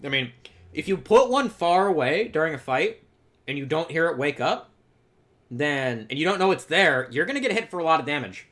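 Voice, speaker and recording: A man giving casual reaction commentary, excitable and rambling, trailing off and restarting often. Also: on the high side, normal speed. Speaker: reaction video host.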